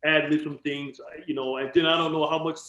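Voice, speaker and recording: A man with a somewhat raised pitch hosts a podcast, talking in a laid-back, casual way with loose swearing and quick laughs. His voice sounds roomy and a little dull, as if recorded in an echoey room on modest gear. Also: little pitch movement, pushed and bright. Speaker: podcast host. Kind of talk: casual interview chat.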